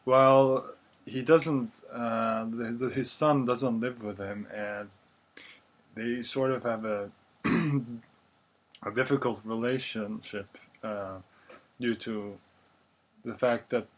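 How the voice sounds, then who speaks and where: A man's voice: mid-range voice, fairly even intonation, slow pace, long pauses, poor audio. A Norwegian man co-hosting a film podcast in casual chat, hesitant and searching for words. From Norway. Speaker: podcast co-host.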